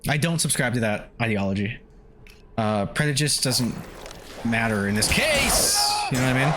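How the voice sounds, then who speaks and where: Animated young man streaming a game. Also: medium pitch, normal speed, noisy background. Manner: animated, swears and yelps at the game, laughs often. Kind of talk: casual gameplay livestream chat.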